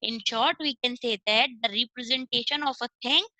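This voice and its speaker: A high-pitched Indian woman teaches an online class in a very bright, sharp voice. She explains each point step by step, slips between English and Hindi, and keeps checking with "okay". The sound is close and dry, with no room around it. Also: fairly quick, no room sound, rough recording.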